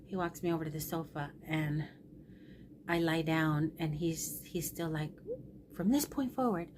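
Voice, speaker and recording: A woman's voice: deep voice, level tone, unhurried, noisy background. A middle-aged woman vlogger telling a personal story in a candid, rambling, emotional way.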